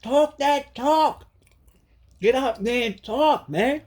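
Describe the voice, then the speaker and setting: A man voicing spirit beings who urge him on in pushy street slang, in a husky voice. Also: very high-pitched, takes it slowly, darkish tone, pitched above the performer's own voice. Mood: urging.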